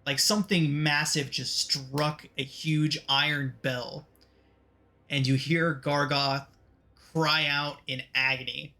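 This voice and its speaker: Bright-voiced man as game master. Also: fairly high pitch, flat delivery. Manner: descriptive, measured. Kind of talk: narrating a tabletop game.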